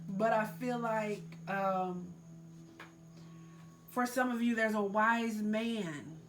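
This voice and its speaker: A woman with a mid-range voice draws out her words and leaves long pauses, with background noise behind her. She's a tarot reader giving a casual, loose reading packed with likes and ums, earnestly urging the listener to let go.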